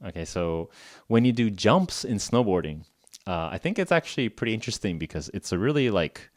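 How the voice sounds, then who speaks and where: A man's voice: on the low side, animated, fairly quick, dry recording, clean studio sound. A man hosting a podcast for English learners, telling a story casually in simple words, with lots of "like" and frequent chuckles. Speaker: podcast host.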